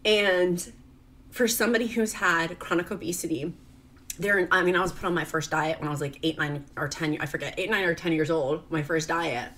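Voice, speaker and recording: Tearful woman vlogger, low-pitched. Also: moderate pace, a bit bright, a little hiss or hum. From rural Virginia. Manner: tearful, confessional, rambling with many "like"s. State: crying. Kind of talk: emotional personal vlog.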